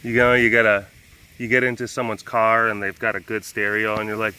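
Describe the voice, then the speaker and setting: A man keeping big cats, narrating a casual vlog outdoors and cooing softly at the animals in baby talk. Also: lowish voice, level tone, a little fast, smooth. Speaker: big cat keeper.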